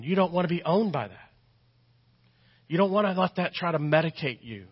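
A man's voice: mid-range voice, normal speed, highs cut off. A man with a Texan accent preaching a sermon as a pastor, earnest and conversational, repeating phrases for emphasis and dropping in self-deprecating asides. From Texas. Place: church sanctuary.

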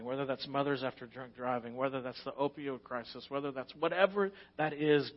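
A Texan man preaches a sermon in a fairly high voice, swinging between animated, quick storytelling and quieter earnest exhortation. The recording sounds a little dull and lo-fi. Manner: animated storytelling, rising loud and fast in anecdotes. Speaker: pastor.

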